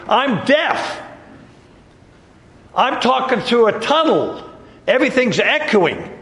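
A male pastor delivers a sermon slowly, his pitch lively and his delivery emphatic, repeating rhetorical questions. He's in a church sanctuary, and the recording carries the long reverb of an echoing hall.

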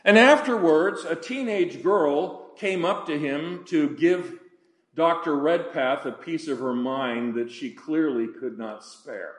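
Slow, deliberate older male preacher. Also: on the high side, roomy sound. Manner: deliberate, slowing and dropping for emphasis. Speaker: pastor. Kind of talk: sermon.

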